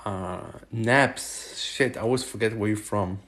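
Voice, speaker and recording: A man from Germany hosting a casual livestream, chatting with viewers and haltingly trying out Chinese phrases. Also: on the low side, fairly bright tone. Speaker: livestream host. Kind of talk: casual live chat answering viewers.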